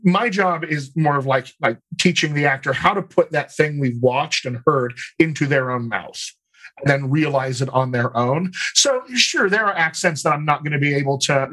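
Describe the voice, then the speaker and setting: His voice is fairly high, bright and pushed as this man, an actor and dialect coach, works through interview questions. He explains patiently, often lingering on "you know" and beginning phrases over.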